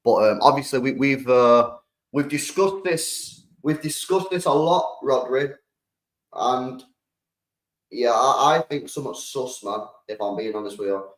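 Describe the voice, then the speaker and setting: A young British man hosting a live stream, reacting to football news and chatting with viewers in an animated, slangy way. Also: medium pitch, unhurried, low-quality recording. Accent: British English. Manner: slangy, animated, talks to the chat. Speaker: streamer host.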